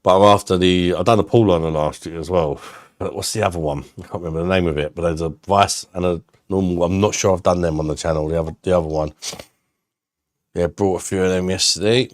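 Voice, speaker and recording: A man's voice: low voice, steady tone, fast talker, dry recording, clean studio sound. A man, chatting casually on a live stream, blunt and sweary, laughing often and reading out chat messages. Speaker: beer reviewer hosting a live stream.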